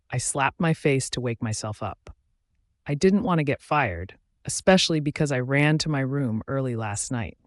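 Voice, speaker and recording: A man reading a romance audiobook aloud in a steady, even first-person narration. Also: mid-range voice, no room sound, studio quality.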